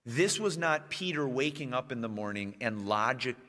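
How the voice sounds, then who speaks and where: A man of ordinary pitch preaches a sermon to his congregation. He leans on key phrases, slowing them for weight, then builds into louder, climbing passages. His voice rings with the long reverb of a church hall. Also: lively intonation. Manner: emphatic preaching with slow, stressed phrases and rising bursts.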